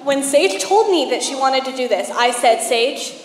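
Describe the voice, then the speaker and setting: A woman teacher, playful and chatty, co-leading a warm-up chant with an audience at a school concert in a concert hall. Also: high voice, expressive, moderate pace, slight background noise. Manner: playful, chatty, cheering the crowd on. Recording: roomy, echoey hall sound.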